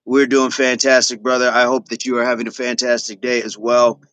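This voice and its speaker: A man's voice: medium pitch, level tone, fairly quick, fairly bright tone, smooth, no echo. A middle-aged man hosting a fitness livestream, chatting casually with viewers and repeating affirmations as he reads their comments.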